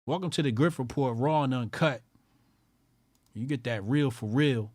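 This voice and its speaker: A man hosting a call-in show, ranting in loud, profane, mocking bursts and repeating lines for emphasis. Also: mid-range voice, moderate pace, long pauses, no echo.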